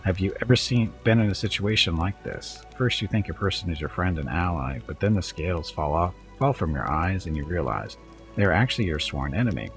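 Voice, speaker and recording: Sly lecturing kobold bard, a deep-voiced man reading him. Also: lively intonation, a little fast, soft background music. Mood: probing. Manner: probing, lecturing, cold when talking of traitors. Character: sly, hard-edged male kobold bard traveler. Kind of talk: reading game dialogue aloud.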